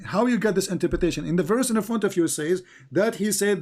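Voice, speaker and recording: A man's voice: sits high, lively intonation, quick pace, few pauses, a little mellow. Sarcastic man hosting a heated debate. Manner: sarcastic, mocking, talks over the caller. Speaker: host. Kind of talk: argumentative call-in debate and commentary.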